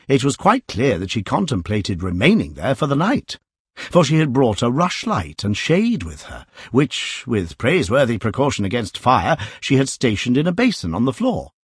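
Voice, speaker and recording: A man narrating a classic novel aloud, with a lively, varied storytelling delivery. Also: mid-range voice, husky, no echo, clean studio sound.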